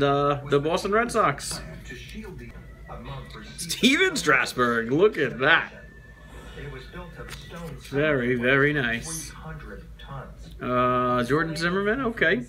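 Slow, bright-voiced man opening cards. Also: a little high. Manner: chatty, reads names aloud, joking asides. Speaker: toy show host. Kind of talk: casual card-opening chat.

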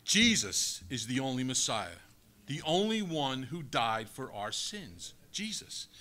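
A male pastor delivers a sermon with emphatic conviction. He keeps asking the listeners rhetorical questions. His voice is bright and forceful, and it sits at an ordinary middle pitch. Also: sing-song, slow.

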